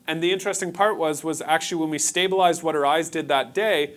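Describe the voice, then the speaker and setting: A man's voice: fairly high pitch, fast, hardly any pauses. A man presenting a workshop to a live audience in a conference room, talking casually and joking with the crowd. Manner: casual, engaging, jokes with the audience.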